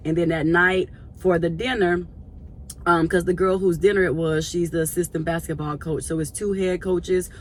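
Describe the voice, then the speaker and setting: A woman and church volunteer telling a casual story to her viewers in a chatty, animated way. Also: low voice, slight background noise.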